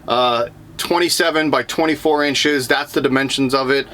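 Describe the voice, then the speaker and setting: A man's voice: mid-range voice, steady tone, normal speed, a bit bright, a little hiss or hum. A young man with a Boston accent, casually walking through his van on a vlog, rambling with lots of ums and self-corrections. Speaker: van life vlogger. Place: inside a van.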